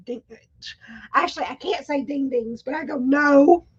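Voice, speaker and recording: A woman's voice: high voice, moderate pace, muffled recording. A woman chatting casually to viewers on a live stream, her throat irritated and coughing. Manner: chatty, talks straight to viewers. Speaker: livestream host; schoolteacher.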